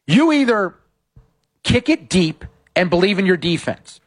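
A man's voice: sits high, a little slow. A man hosting a sports betting podcast, recapping football games and sharply criticizing coaching decisions. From West Coast of the United States. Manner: animated, opinionated, critical of coaching.

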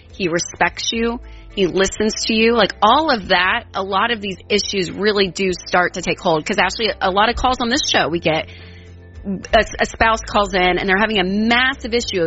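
A woman's voice: mid-range voice, fairly bright tone. A woman co-hosting a call-in advice radio show, chatty and rambling, with lots of fillers. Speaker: radio co-host. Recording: dull lo-fi radio broadcast sound.

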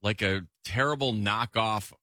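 A man co-hosting a casual talk show, chatty and quick to reminisce about old shows. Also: lowish voice, pushed and bright, no room sound, clean studio sound. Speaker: podcast co-host. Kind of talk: casual chat.

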